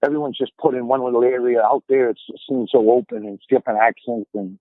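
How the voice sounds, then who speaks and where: A man's voice: mid-range voice, steady tone, fast talker, no room sound, narrow, tinny audio. Boston guy in his 50s just rambling through stories, repeats himself a lot, sounds thin and phoney, real dry. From Boston area, USA. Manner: rambling, repeats words as he starts sentences. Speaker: podcast guest. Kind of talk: casual storytelling chat.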